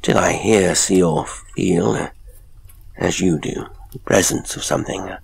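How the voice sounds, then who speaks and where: A man playing a calm, skeptical priest in a horror audiobook, gently stubborn in his doubts. The voice sits deep and low, with a husky, gravelly grain. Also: unhurried, no echo, exaggerated voice. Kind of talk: audiobook character voice.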